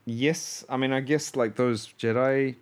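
A man's voice: mid-range voice, steady tone, a little slow, smooth. A man chatting casually, joking and laughing often. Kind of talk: casual chat.

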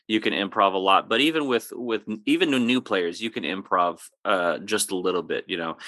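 A man's voice: fairly low pitch, dry recording, clean studio sound. A man who runs tabletop games, chatting casually on a podcast and giving advice, rambling along with lots of fillers. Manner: relaxed, rambling with many fillers. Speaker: game master.

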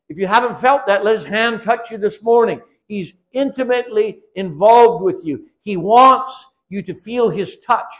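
An older man preaching a sermon in a church, emphatic and repetitive, weaving in his own life story. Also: high voice. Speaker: guest preacher.

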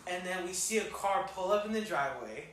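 A young man telling a wild story on a casual podcast, animated and full of slang and swearing. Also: high voice, brisk. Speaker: podcast co-host. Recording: echoey room, distant mic, faint noise.

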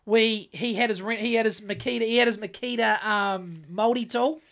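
A man's voice: sits high, steady tone, moderate pace, gravelly, fairly bright tone. Rambling, sweary New Zealand man. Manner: rambling, sweary, with many restarts. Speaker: podcast co-host. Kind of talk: casual chat.

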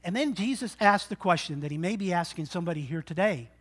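Preacher guy, high bright voice, goes soft then loud, acts out the people in his stories. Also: lively intonation, quick pace. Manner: swings from quiet intimate talk to loud exhortation. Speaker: pastor. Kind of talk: sermon.

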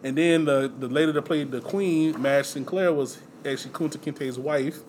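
A man's voice: on the high side, steady tone, moderate pace, a little mellow, a little hiss or hum. A man co-hosting a casual podcast, sharing movie trivia in a loose, rambling way full of fillers. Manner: loose, rambling delivery with frequent fillers and laughs. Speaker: podcast co-host.

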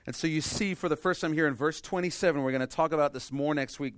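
A man in his thirties delivers a sermon as a pastor, at a middle pitch with a dry, close sound. He swings from loud, emphatic bursts down to soft, intimate stretches. He sounds like a regular preacher speaking to his congregation. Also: no echo.

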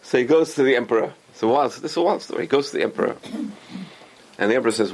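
A man's voice: mid-range voice, racing. A man telling a religious story with a moral lesson, acting out the characters' lines. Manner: animated, acts out characters' lines.

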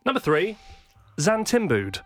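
A man's voice: high voice, wildly swooping pitch, a little slow, fairly bright tone, soft background music. A British man hosting a comedy podcast, delivering his bits dry and mock-formal. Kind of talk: deadpan comedy bit.

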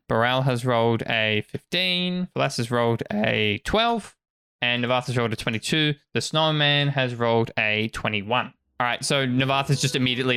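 A man narrating as game master in a relaxed, laughing, casual way. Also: mid-range voice, clear, resonant tone. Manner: laid-back, laughs often, with casual fillers.

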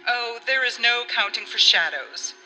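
Woman reading a forceful brother hiding dread, brisk manner, bright tone. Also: a little high, animated, voice pushed up. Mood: forced ease. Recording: long reverb with faint music.

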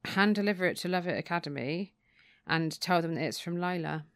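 Low-voiced woman recapping a book. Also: brisk, dry recording, clean studio sound. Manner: narrates the plot, laughs often. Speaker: podcast co-host. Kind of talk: casual chat recapping a book.

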